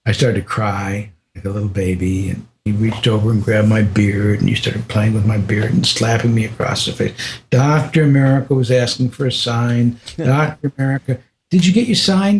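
In an interview, an older man recounts a personal story, speaking haltingly with restarts and frequently sinking into a soft voice. His voice is on the low side, with a little background noise.

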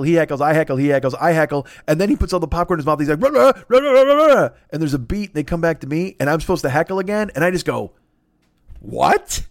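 A man rambles through a comedic anecdote on his podcast, swearing freely and doubling back on himself. His voice sits at an ordinary middle pitch. The sound is dry and close, with no room echo. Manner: profane, rambling, animated, with frequent restarts. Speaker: podcast host.

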